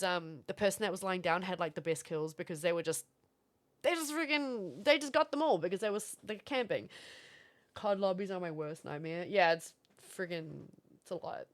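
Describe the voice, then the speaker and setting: A young woman from Florida, streaming and chatting casually with viewers, animated and swearing now and then. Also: medium pitch. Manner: animated, swearing, reads out chat. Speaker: livestreamer.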